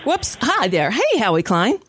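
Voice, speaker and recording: A woman's voice: on the high side, huge pitch swings, measured pace, fairly bright tone, a little hiss or hum. A woman hosting a radio talk show, chatting casually with fillers and restarts. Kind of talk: casual chat.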